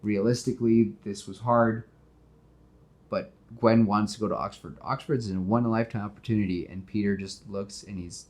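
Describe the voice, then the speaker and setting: A man's voice: fairly low pitch, fairly even intonation, moderate pace, a little mellow. A man co-hosting a podcast, casually retelling movie scenes and acting out the characters' lines, with plenty of fillers and restarts. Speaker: podcast co-host pitching a movie.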